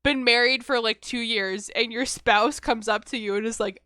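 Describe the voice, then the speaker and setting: A woman's voice: a little high, steady tone, moderate pace, pushed and bright, no echo, clean studio sound. A young woman co-hosting a podcast, chatting casually and animatedly, laughing often as she talks. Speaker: podcast co-host. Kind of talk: casual chat.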